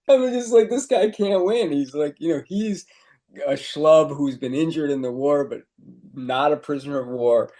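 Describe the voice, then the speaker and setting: A man co-hosting a podcast, talking over a short story in a relaxed chat and laughing often as he goes. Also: medium pitch. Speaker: podcast co-host. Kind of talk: casual literary discussion.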